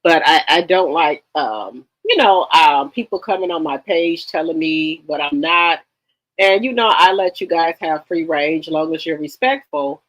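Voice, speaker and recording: A livestream host chatting casually with viewers, greeting them one by one with repeated hellos and often pausing with ums. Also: mid-range voice, a bit bright. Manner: chatty, with frequent ums and restarts. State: a little tired. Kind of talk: casual live-stream chat. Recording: slightly dull lo-fi sound.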